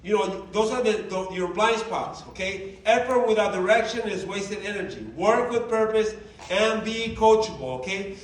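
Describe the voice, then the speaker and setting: A man giving a motivational training talk to his team, telling lively stories and acting out the dialogue. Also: high-pitched, moderate pace, few pauses, a little hiss or hum. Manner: animated storyteller, acting out dialogue. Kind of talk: motivational speech. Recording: roomy, distant sound with faint ambience.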